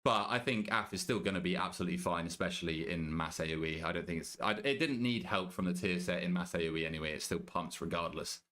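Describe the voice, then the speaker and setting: A young British man streaming a game, chatting casually with his viewers, joking, swearing and thinking out loud. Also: low-pitched, fast talker, few pauses. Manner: banters with chat, swears casually, thinks aloud. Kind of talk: casual live-stream chat.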